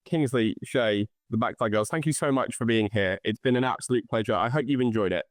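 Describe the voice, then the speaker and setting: A British man hosting a podcast, rattling through his words at a brisk clip and restarting phrases as he goes. His pitch sits mid-range, and the sound is close and dry with no room echo. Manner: quick, restarts phrases often. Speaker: podcast host. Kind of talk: casual podcast chat.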